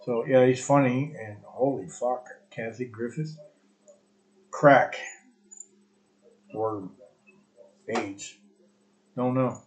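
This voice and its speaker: A man's voice: medium pitch, drawn-out words, pauses often, low-quality recording. Crude rambling male podcast host. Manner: crude, profane, rambling and sarcastic. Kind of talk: solo live stream chat.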